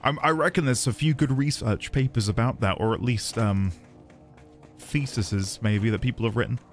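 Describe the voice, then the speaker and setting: With soft music in the background, a man streams live, chatting casually with viewers as he plays a video game and thinks aloud. His voice is medium in pitch at a moderate pace.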